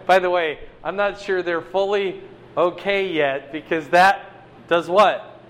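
A man giving a conversational sermon, teaching a Bible passage with animated swings between loud emphasis and quiet asides. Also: high-pitched, measured pace.

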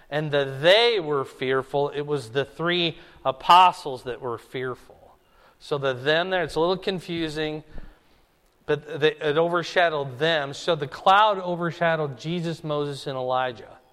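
A man's voice: on the high side, fairly bright tone. A man preaching an expository Bible sermon, conversational and emphatic, pushing his voice up for stress. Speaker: pastor. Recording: long hall reverb.

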